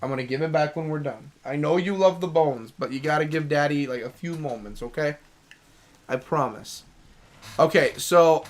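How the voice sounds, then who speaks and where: A young man commenting on his own video game stream in a loose, rambling way, breaking now and then into excited outbursts. His voice is a touch higher than most men's, bright and forceful. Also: moderate pace. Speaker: gaming streamer. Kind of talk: casual let's-play commentary.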